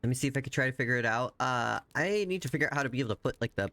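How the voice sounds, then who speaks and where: A man's voice: mid-range voice, animated, rapid-fire, pushed and bright, no echo. A man streaming a game, chatting casually, rambling and playfully thinking aloud.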